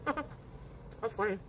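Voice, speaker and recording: A woman's voice: extremely slow, a bit bright, rough recording. A woman streaming herself eating, greeting viewers by name as she goes. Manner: reads viewer names aloud while eating. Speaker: food streamer in a played clip. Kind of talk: casual eating stream chat. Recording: played clip with faint background noise.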